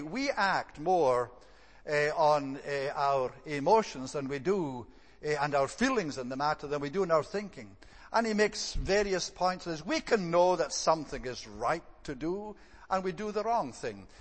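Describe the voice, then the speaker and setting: A man's voice: on the high side, a bit bright. Man preaching in a reverberant hall. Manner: measured, thoughtful delivery with frequent "eh" and "uh" restarts. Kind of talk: evening sermon.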